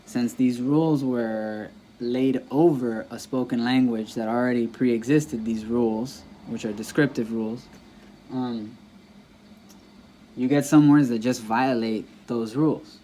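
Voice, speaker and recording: A man's voice: medium pitch, warm tone, a little hiss or hum. A man teaching a language lesson, patiently explaining rules and sounding words out again and again. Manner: patient, repetitive, demonstrates pronunciation by saying words aloud. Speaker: Spanish teacher. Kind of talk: classroom-style lesson explaining grammar.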